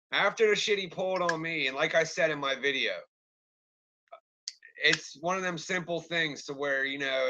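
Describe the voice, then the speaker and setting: A man's voice: a little high, bright, forceful tone. A man ranting on a live stream and answering his chat, angry, rambling and swearing constantly. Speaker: livestreamer talking to chat.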